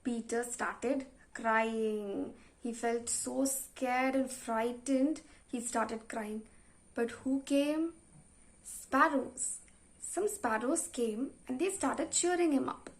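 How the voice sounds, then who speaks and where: Slow, high-voiced woman teacher. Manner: slow, patient, asks the class questions. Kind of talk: explaining a story to young children.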